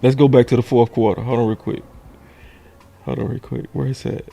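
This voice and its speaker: A man hosting a casual sports show, breaking down game film and shouting key words. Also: mid-range voice, brisk, vocal fry. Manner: animated, shouts key words, talks to his audience.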